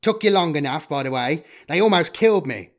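A man's voice: fairly high pitch, lively intonation, a little fast, lightly acted. A man playing a greedy, sardonic data trader. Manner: wheedling, sardonic.

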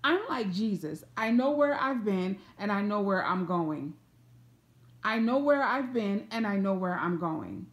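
A woman's voice: mid-range voice, a little slow. A woman from Atlanta with a Southern accent, preaching an informal prophetic word to camera and acting out the people in the story. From Atlanta, USA. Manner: animated, repeats phrases, acts out voices of people in the story.

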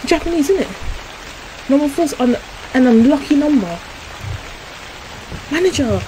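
A woman's voice: high-pitched, animated, unhurried, pauses often, background noise. Jumpy young woman. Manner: jumpy and easily startled, with gasps and exclamations. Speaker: gaming YouTuber. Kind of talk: horror game commentary.

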